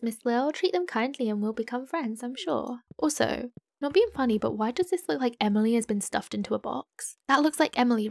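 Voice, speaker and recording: Young girl chatting over a farming game, kinda high voice, gasps and whispery asides, dry mic. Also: vocal fry, darkish tone, no room sound. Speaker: gaming YouTuber and streamer. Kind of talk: casual let's-play commentary.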